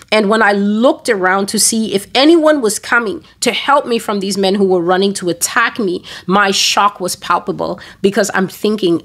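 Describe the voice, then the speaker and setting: Woman preaching an emphatic testimony. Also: mid-range voice. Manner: emphatic, repeats words and phrases for effect; slows down and stresses key words. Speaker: Christian testimony speaker. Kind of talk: dramatic personal testimony with preaching.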